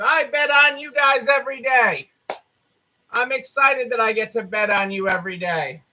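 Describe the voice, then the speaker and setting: Tired male live-stream host, very high voice, chatty and repetitive. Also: normal speed, sharp tone, slight background noise, rough recording. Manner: chatty, repetitive, greets viewers by name. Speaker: store owner hosting a live stream. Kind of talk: casual live-stream chat.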